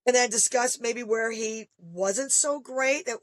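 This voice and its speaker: A woman's voice: fairly high pitch, a little slow, hardly any pauses, no echo. A middle-aged woman, a parent, talking casually and animatedly, acting out the people she quotes. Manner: animated storyteller, acts out quoted voices. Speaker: guest parent. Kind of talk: casual podcast conversation.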